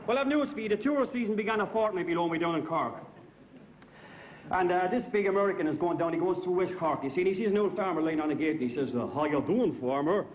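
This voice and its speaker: A man telling jokes on stage, animated and doing a voice for each character. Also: sits high, quick pace, slight background noise. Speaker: comedian. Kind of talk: stand-up joke telling. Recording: dull lo-fi 1980s TV recording.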